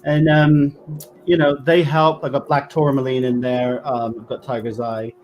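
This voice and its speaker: Halting West Country English man. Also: mid-range voice, level tone, muffled recording. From England. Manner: halting, many fillers and restarts. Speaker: guest medium. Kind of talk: casual interview chat.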